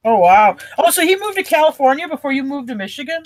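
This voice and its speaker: High-voiced man with a Milwaukee accent. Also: big pitch swings, quick pace, no room sound. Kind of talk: casual chat.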